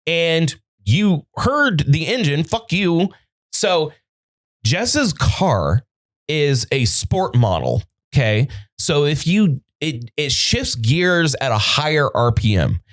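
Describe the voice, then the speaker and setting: A man with a fairly high-pitched voice hosts a podcast, speaking slowly as he tells a story. It's studio-recorded casual talk, heavy on swearing, with quotes he acts out animatedly.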